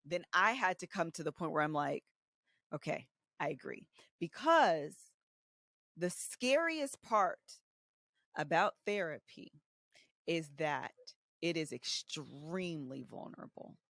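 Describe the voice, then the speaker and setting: A woman's voice: deep voice, slow, creaky, no room sound, clean studio sound. Candid woman telling stories. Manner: animated, acts out quoted voices, casual slang. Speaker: podcast co-host. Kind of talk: candid conversational storytelling.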